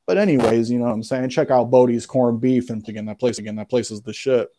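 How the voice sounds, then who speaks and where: Male guest, mellow dark tone, laid-back slangy storyteller, swears freely. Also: medium pitch, quick pace. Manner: slangy, profane, keeps saying "bro". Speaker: podcast guest. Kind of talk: casual storytelling.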